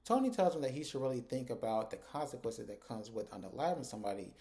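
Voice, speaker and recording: A man giving a casual recap of a TV episode, retelling scenes with animated asides. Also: medium pitch, quick pace. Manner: animated retelling, acting out characters' lines with asides.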